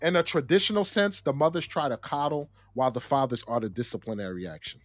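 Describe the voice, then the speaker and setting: A young adult man co-hosting a casual discussion, talking in an animated way with slang and repeated words. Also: mid-range voice, fast, no room sound. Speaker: podcast co-host.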